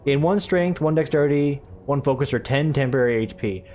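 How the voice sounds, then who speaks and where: A man's voice: mid-range voice, a little fast, darkish tone, slight background noise. A young man chatting casually through a let's play, rambling and self-deprecating. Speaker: gaming YouTuber.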